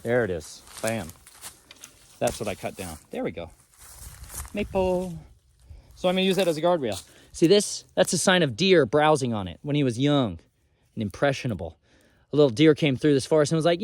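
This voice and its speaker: Brief: homesteader vlogger, a man, outdoors in the woods, folksy and excitable, addresses viewers directly. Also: medium pitch, moderate pace, pauses often. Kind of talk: walk-and-talk forest vlog. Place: outdoors in a forest.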